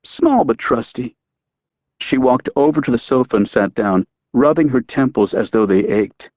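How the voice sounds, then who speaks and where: A man narrating an audiobook in a measured, even way. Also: mid-range voice, no echo, lo-fi sound.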